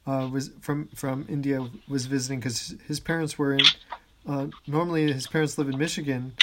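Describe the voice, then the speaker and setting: A man's voice: medium pitch, little pitch movement, a bit bright. A man hosting a podcast in casual chat, telling anecdotes with frequent restarts and easy laughter. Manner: laughs easily, chatty, halting restarts. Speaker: podcast host.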